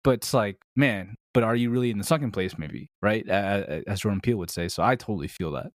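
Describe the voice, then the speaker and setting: An enthusiastic man chatting on a podcast, his talk full of "like" and "man". His voice sits a little low. The recording is dry and close to the mic. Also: fast talker, dry recording. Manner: enthusiastic, heavy use of "like" and "man". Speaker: podcast guest, ministry podcaster. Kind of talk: casual podcast discussion.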